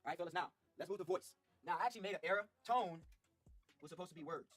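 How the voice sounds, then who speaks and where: A man's voice: high-pitched, fast talker, a bit bright, faint music behind. A man coaching men on social skills in a video clip, preachy and slangy, calling them fellas. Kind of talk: motivational video talk.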